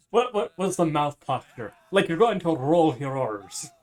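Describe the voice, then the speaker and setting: A man streaming live while cooking, chatting in a casual, rambling way and swearing freely. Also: fairly high pitch. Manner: rambling, profane, loose.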